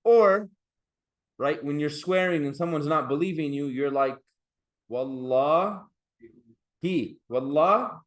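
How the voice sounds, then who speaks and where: A man's voice: fairly high pitch, moderate pace. A man teaching an Arabic grammar class, patiently explaining and drawing out the endings of Arabic words. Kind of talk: classroom lecture.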